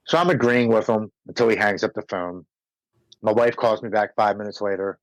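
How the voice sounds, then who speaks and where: A man telling his personal recovery story as a podcast guest, earnest and slowing down on heavy moments. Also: on the low side, no room sound, lo-fi sound.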